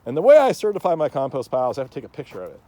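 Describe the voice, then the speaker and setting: A man's voice: medium pitch, wildly swooping pitch, racing, mellow. A man with an ordinary mid-range voice chats loosely to his viewers as a plant grower. He rambles and jokes, leaning on fillers and chuckling often between his thoughts. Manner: rambling and joking, many fillers. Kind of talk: casual talk to camera.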